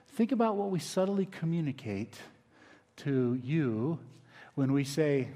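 A male pastor preaching a sermon in a relaxed, conversational way, dropping his voice low for emphasis. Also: moderate pace, in a large hall. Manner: conversational, dynamic preaching with quiet emphatic drops. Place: church sanctuary.

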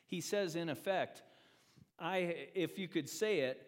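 Animated male pastor in an echoing hall. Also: fairly high pitch, normal speed. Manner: animated, acts out quoted speech, swings from loud to quiet. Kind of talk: sermon. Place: church sanctuary. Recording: long reverb of a church hall.

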